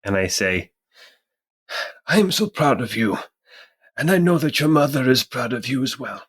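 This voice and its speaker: A man's voice: medium pitch, animated, moderate pace, fairly bright tone, husky. A male player in a tabletop game speaking earnestly and tenderly as a father. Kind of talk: tabletop role-play.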